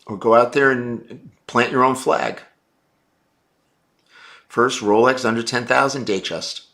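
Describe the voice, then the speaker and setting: A man's voice: mid-range voice, fairly even intonation, a little slow, creaky, sharp tone. A man hosting a casual live stream, answering viewer chat in a blunt, brash and profane way.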